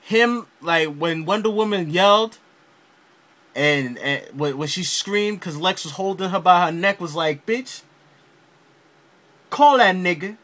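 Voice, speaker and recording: An excitable man reviews a game as if he were telling it to friends, swearing freely and acting out his own reactions as he goes. His voice sits high for a man and has a bright, sharp edge. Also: unhurried. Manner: animated storyteller, heavy slang and swearing, acts out his reactions. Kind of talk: casual, profane video review.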